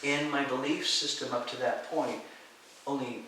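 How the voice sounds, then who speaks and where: A male guest who teaches Taoist mysticism tells stories in an interview at a normal pace, animatedly acting out voices in a high shout. He is recorded on a distant mic in an echoey room with faint hiss.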